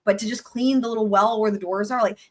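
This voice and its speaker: A woman's voice: mid-range voice, fairly even intonation, fast talker. A woman hosting a livestream, chatting casually and animatedly about legal points and swearing now and then. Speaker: livestream host.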